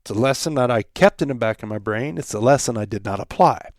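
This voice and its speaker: A man's voice: medium pitch, expressive, fast, a little mellow, no echo, clean studio sound. Reflective man hosting a solo podcast. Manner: reflective, conversational, acts out quoted examples. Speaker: podcast host.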